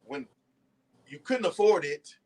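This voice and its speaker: A man's voice: a little high, expressive, unhurried, mellow. A middle-aged man hosting a casual podcast chat, telling laid-back stories and laughing easily. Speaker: podcast host.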